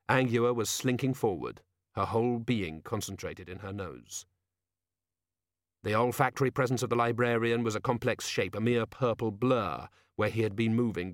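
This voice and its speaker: Brief: calm man reading a novel aloud, even mid voice, dry booth sound. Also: medium pitch, dry recording. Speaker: audiobook narrator. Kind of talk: scripted narration.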